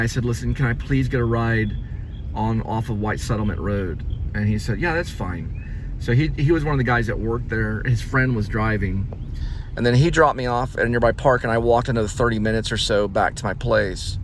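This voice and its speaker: A man rambles in an agitated, repetitive rant, his pitch sitting in a middling range. He talks while driving, with faint road noise humming behind him. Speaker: vlogger, delivery driver. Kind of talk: casual ranting monologue while driving. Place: in a car.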